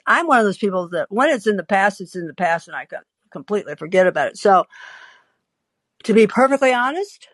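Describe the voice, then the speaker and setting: A woman's voice: mid-range voice, no room sound. An older woman spins a personal story in a wry, confiding voice. She stops often on small hesitant fillers. Her voice sits at a medium height, and the recording is close and dry. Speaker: podcast host. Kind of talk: storytelling monologue.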